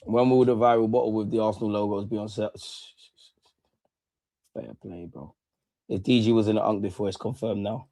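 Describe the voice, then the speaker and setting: A man, hosting a casual livestream, talking in slangy, animated bursts that swing between loud and muttered. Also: on the low side, brisk, pauses often, dry recording. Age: 30s. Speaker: livestream host.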